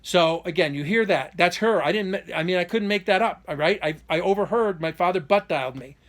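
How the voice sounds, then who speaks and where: A man's voice: high-pitched, a little fast. A man talking straight to camera in an unscripted monologue, rambling with frequent restarts and an indignant, aggrieved tone that speeds up in bursts on key points. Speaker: vlogger giving a personal update.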